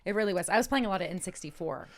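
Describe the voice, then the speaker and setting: A woman's voice: medium pitch, very fast. A woman in her thirties, a comedian guest on a podcast, chatting animatedly and acting out voices in her stories. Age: 30s. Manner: animated, acts out voices while telling stories. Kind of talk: casual chat.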